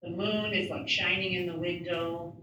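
A woman relates a personal story in first person, conversational and unpolished, with the odd restart. Her bright voice rings through a very echoey room, picked up from a distance with faint ambience behind. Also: lowish voice, fairly even intonation, moderate pace, slight background noise. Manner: conversational, plain retelling with restarts. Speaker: sign language interpreter voicing a storyteller.

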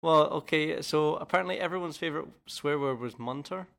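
A man's voice: fairly high pitch, fairly quick, vocal fry, a bit bright. A young Scottish man co-hosting a podcast in casual chat, rambling and often laughing at himself. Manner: giggly, rambling, self-mocking. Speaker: podcast co-host.

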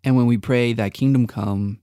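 A man co-hosts a faith podcast in a warm, mid-range voice with fairly even intonation and a moderate pace, recorded in clean, dry studio sound. He talks earnestly and reflectively, stressing his points like a preacher.

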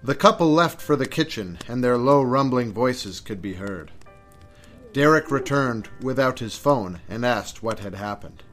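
Male narrator, mid pitch, measured suspense reading, light music. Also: lively intonation, fairly bright tone. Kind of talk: scripted narration.

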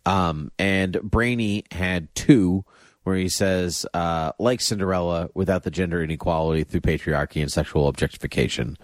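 Low-voiced chatty male podcast host. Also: normal speed, no room sound, studio quality. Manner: chatty, laughing, mock-outraged asides. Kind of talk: casual chat.

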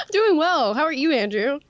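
A woman's voice: sits high, very animated, slow, no room sound, dull audio. An American woman guest chatting casually on a podcast, giggly and easygoing. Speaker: guest commentator. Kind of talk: casual interview chat.

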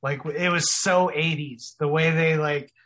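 A man's voice: fairly high pitch, fairly even intonation, measured pace, a bit bright. A man co-hosting a casual podcast, easygoing as he talks about movies.

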